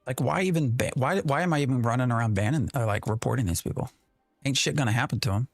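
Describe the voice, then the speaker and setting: A man's voice: medium pitch, quick pace, gravelly, no echo, soft background music. Exasperated male game streamer. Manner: exasperated, rambling, talks to chat. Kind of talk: live gameplay commentary.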